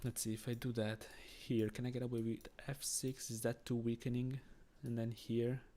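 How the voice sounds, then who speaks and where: A man's voice: mid-range voice, little pitch movement, normal speed, dark tone, slight background noise. A man with a Swiss accent who is not a native English speaker, chatting with viewers and thinking aloud through a chess game on a live stream. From Switzerland. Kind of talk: casual live-stream commentary.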